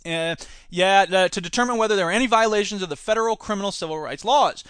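A man's voice: sits high, fast talker, a bit bright, smooth, no room sound. A man hosting a solo podcast, reading news and mocking it with sarcastic asides and put-on voices. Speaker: podcast host.

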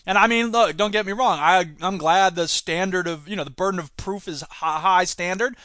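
A man's voice: high-pitched, moderate pace, bright, forceful tone, no room sound, clean studio sound. A man hosting a solo podcast, ranting sarcastically about the news. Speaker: podcast host.

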